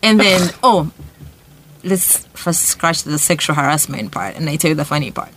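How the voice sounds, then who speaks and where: A woman's voice: sits low, animated, normal speed, a bit bright, a little hiss or hum. A woman from Uganda, co-hosting a podcast and telling a personal story in a casual group chat, often asking "right?". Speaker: podcast co-host.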